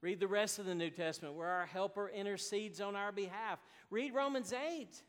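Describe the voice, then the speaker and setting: Pastor, male, high voice, earnest sermon delivery, long hall reverb. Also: normal speed, a bit bright. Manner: earnest preaching, rising to emphatic declarations.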